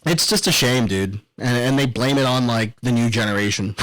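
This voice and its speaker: A man's voice: mid-range voice, normal speed, a bit bright, poor audio. A young adult man co-hosting a casual podcast, rambling and profane, often breaking into laughter. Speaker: podcast co-host.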